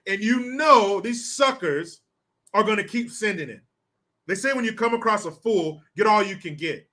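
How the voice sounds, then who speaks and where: A man's voice: sits high, lively intonation, normal speed, sharp tone. A man from the United States hosting a ranting political commentary show, combative and sarcastic, with frequent profanity, reading viewer comments aloud.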